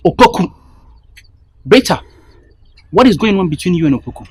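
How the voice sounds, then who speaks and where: A man's voice: high-pitched, sing-song, normal speed, breathy edge. A man acting in a comedy sketch, earnestly warning and advising someone.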